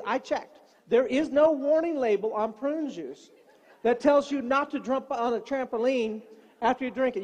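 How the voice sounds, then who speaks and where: A middle-aged male pastor preaching a sermon full of comic personal stories, in an animated, joking preacherly way. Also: very high voice, highs cut off. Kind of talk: humorous sermon storytelling.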